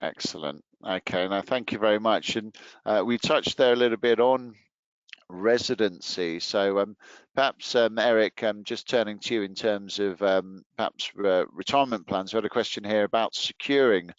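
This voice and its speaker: A man with a lowish voice hosts an online webinar panel. He is upbeat and keeps things moving from one speaker to the next. The recording is dry and dull. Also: normal speed, clear, resonant tone, no room sound. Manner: upbeat, handing over to speakers. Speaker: webinar host.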